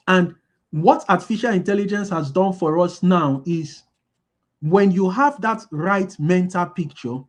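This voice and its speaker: A man giving a motivational business talk, repeating key lines and asking his listeners to fill in the answers. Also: high-pitched. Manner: asks the audience call-and-response questions. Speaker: business speaker.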